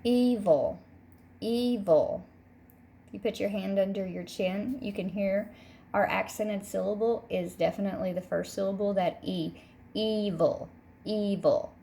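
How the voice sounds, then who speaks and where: A woman teaching a third grade phonics lesson. She speaks patiently and says each word twice, clearly, so children can repeat it. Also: mid-range voice, little pitch movement, normal speed, a little mellow, a little hiss or hum. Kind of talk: recorded classroom phonics lesson.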